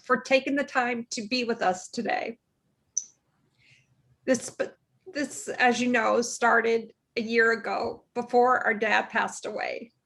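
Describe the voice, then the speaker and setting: A woman co-hosting a podcast who thanks her guests in a halting way and grows emotional. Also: a little high, steady tone, creaky, fairly bright tone. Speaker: podcast co-host. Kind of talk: casual chat.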